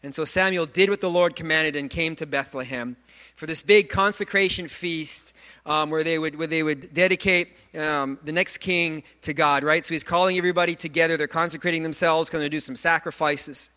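A male pastor delivering a sermon in a high, bright, ringing voice. He speaks earnestly and with animation, often stumbling over repeated words. He drops in self-mocking jokes along the way. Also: fairly even intonation, brisk, clear, resonant tone. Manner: self-deprecating humor.

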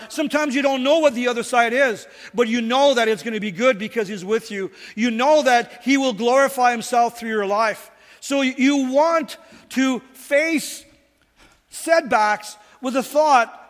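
A man's voice: very high-pitched, moderate pace, long reverb tail. A man preaching a sermon as pastor, emphatic and full of rhetorical questions.

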